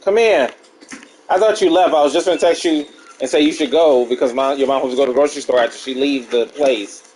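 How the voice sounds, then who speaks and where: Male, casual, fast and rambling, talks over himself. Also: mid-range voice, darkish tone. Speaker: person in the room. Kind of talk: casual conversation.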